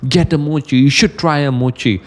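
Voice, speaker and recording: A man's voice: fairly high pitch, fairly quick, darkish tone, pitched above the performer's own voice, natural voice. A man with an Indian accent voicing a polite Japanese male dinner host who courteously insists his guest try something. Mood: insistent.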